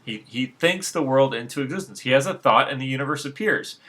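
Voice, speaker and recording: A man's voice: medium pitch, expressive, brisk, bright, forceful tone. A man speaking off the cuff about spirituality in a rambling monologue, full of restarts and fillers, frank and unbothered. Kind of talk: unscripted monologue.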